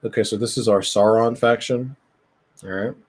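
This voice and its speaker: A man's voice: lowish voice, fairly even intonation, normal speed, husky. A man streaming, chatting casually and profanely as he looks over a tabletop game, laughing often. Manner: loose, profane, laughs often, rambling with filler words. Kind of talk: casual chat while browsing a tabletop game.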